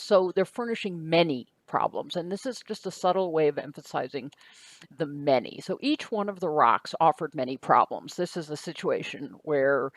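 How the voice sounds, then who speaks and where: A woman's voice: deep voice, no room sound. Woman teaching with a dry close sound. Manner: patient, methodical, talks through each word step by step. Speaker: Greek teacher. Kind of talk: recorded lecture.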